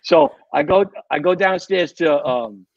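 A retired fire captain tells rambling stories in a casual chat, repeating his words as he goes. His voice is a little high and unhurried. The recording has no echo, but the highs are cut off.

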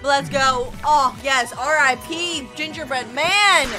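A young woman hosting a reaction video, excitedly commenting and laughing often. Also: high-pitched, takes it slowly, few pauses. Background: video soundtrack music playing.

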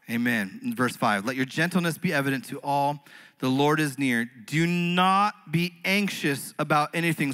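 A man preaching as a pastor, earnest, swinging between fervent rises and quiet, intimate passages. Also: sits high, rough recording. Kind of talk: sermon. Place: church stage.

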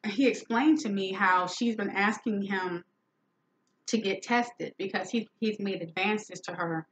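A woman with a medium-pitched, fairly bright voice speaks a little slowly while hosting a podcast talk show, narrating a story as a monologue. She's emphatic and indignant, voicing the quoted dialogue, over a dull lo-fi recording with a little hiss or hum.

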